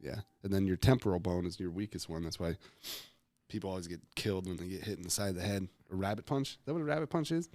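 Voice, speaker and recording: A young man co-hosts a podcast in a relaxed, cursing banter, laughing at his own tangents. His voice sits low for a man. It is recorded dry and close. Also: fast, no echo. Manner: laid-back, profane, laughing often. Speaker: podcast co-host. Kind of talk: casual chat.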